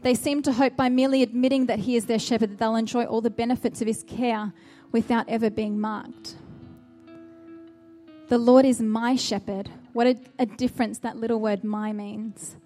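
A woman's voice: on the high side, steady tone, fairly quick, hardly any pauses, mellow, faint music behind. A woman preaching a sermon, earnest and exhorting, with a run of searching rhetorical questions.

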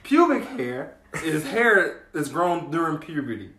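High, bright-voiced man telling comic stories. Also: unhurried, echoey room, a little hiss or hum. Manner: animated storyteller who laughs through his stories. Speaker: comedy show co-host. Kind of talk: casual comedic banter and storytelling.

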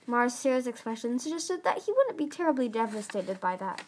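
A woman's voice: fairly high pitch, big pitch swings, moderate pace, few pauses, darkish tone. A woman reading a novel chapter aloud, earnest, with occasional stumbles and restarts. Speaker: audiobook reader.

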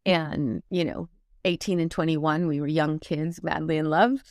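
Woman coach opening up in an interview, slow reflective pauses, kinda low voice, dry mic. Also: dry recording. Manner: earnest and reflective, with frequent pauses and fillers. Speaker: guest, motivational speaker and performance coach. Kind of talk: candid personal storytelling in an interview.

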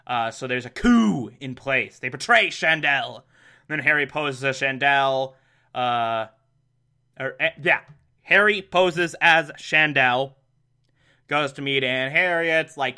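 A man giving a casual, animated recap of a show episode, exasperated and laughing between points. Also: mid-range voice, slow, clean tone.

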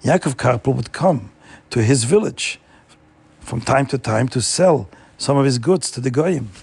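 Very raspy gravelly male storyteller. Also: medium pitch, measured pace, no room sound. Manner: animated, repeats words for emphasis. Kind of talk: retelling a Jewish folk story.

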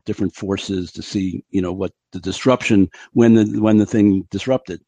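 A man's voice: on the low side, steady tone, normal speed, warm tone, dry recording. A middle-aged man, a physician guest on a podcast, explaining his ideas in an emphatic, blunt, conversational way and acting out what others said. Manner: emphatic, blunt explainer who acts out quotes.

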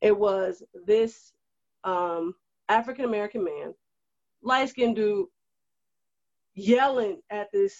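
Animated, rousing woman on a dull, dry recording. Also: mid-range voice, slow pace, long pauses, no echo. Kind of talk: casual chat. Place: at a desk indoors.

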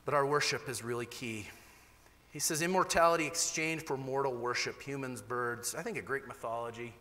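A man preaching a sermon as a pastor, candid and animated, with his pitch jumping up sharply at times. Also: moderate pace, long reverb tail.

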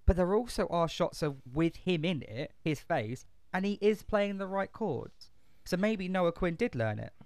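A man's voice: high voice, animated, a little slow, hardly any pauses, darkish tone, dry recording. A man chatting casually as a podcast co-host, rambling with lots of swearing, fillers and restarts. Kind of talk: casual chat.

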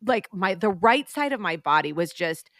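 A woman co-hosting a podcast, telling a story in casual chat, animated and full of restarts. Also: medium pitch, moderate pace, no room sound, studio quality. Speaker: podcast co-host and preacher.

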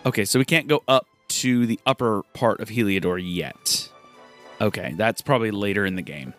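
An excitable man giving let's-play commentary, chatty and gushing. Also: lowish voice, normal speed, soft background music. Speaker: gaming streamer.

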